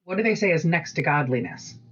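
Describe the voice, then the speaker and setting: A woman co-hosting a podcast, chatting casually and rambling through stories with lively quoted voices. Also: deep voice, brisk, muffled recording, a little hiss or hum. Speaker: podcast co-host. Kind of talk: casual chat.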